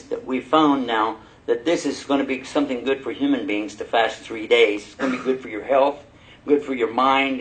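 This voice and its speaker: A man preaching a sermon, telling personal stories in a lively way and laughing as he goes. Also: mid-range voice, a little hiss or hum, rough recording. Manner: animated, laughing storyteller. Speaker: Muslim preacher.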